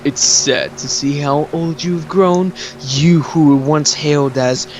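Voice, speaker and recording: A young man doing a slow, mocking voice for a sinister male villain while retelling an anime scene. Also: on the high side, fairly even intonation, a little hiss or hum, poor audio. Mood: taunting. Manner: slow, taunting.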